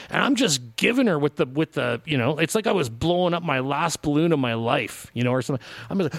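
A middle-aged community radio host with a slightly high voice and lively intonation rambles through a casual story at a fairly quick pace. He plays both sides of the conversation and fills it with "like" and restarts. The recording is dry.

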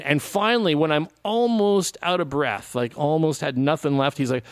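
On community radio, a middle-aged host tells a meandering story, acting out both people in the exchange and leaning heavily on "like" and false starts. His voice is a bit high, quick and lively in tone, with no echo.

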